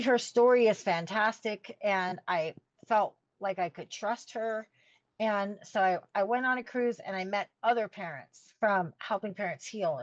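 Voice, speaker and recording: A middle-aged woman telling her story as a podcast guest, earnest and halting as she searches for words. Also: medium pitch, no room sound, highs cut off. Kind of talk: personal storytelling in an interview.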